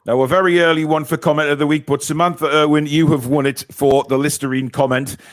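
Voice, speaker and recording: A man's voice: on the high side, level tone, fast talker, no room sound, studio quality. Chatty male stream host. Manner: chatty, reads viewer comments, many fillers. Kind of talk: casual live-stream chat.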